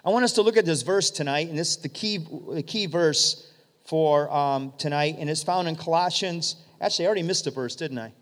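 High-voiced male preacher in a reverberant hall. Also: fairly quick. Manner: vivid storytelling, addresses the congregation. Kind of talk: sermon.

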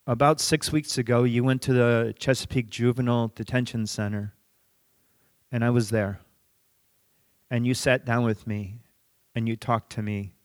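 A middle-aged man preaches in an easy, conversational storytelling manner, with a voice sitting at an ordinary middle pitch. He drops his voice low and soft to press a point home. The sound is close and dry, with no room around it. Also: no echo. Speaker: pastor. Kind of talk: sermon with storytelling.

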